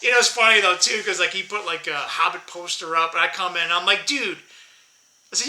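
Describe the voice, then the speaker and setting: High bright-voiced rambling man, echoey room. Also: very animated, fairly quick. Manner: rambling, laughs often, swears casually. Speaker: vlogger. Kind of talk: casual chat to viewers.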